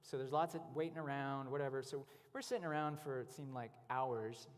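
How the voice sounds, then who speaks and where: Casual male speaker, storytelling testimony, mid pitch, long hall reverb. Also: fairly quick. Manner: conversational storytelling with many fillers. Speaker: guest speaker. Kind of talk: testimony talk at a church event. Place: church hall.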